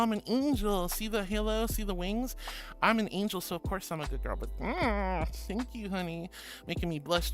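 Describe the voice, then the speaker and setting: High-voiced gentle male streamer. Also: normal speed, soft background music. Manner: gentle and affectionate, calls viewers honey and sweetie. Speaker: VTuber streamer. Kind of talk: casual livestream chat, reading viewer messages.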